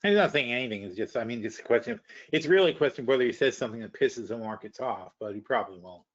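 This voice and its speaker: A man's voice: mid-range voice, lively intonation, quick pace, highs cut off. A man hosting a live webinar, commenting casually and bluntly on markets, thinking aloud with trailing, restarted sentences and the odd curse. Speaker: webinar host.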